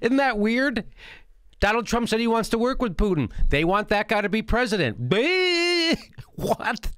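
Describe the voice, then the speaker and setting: A man's voice: high voice, moderate pace, fairly bright tone, smooth, dry recording. A middle-aged man hosting a political commentary show, ranting in an indignant, mocking and profane way. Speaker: host.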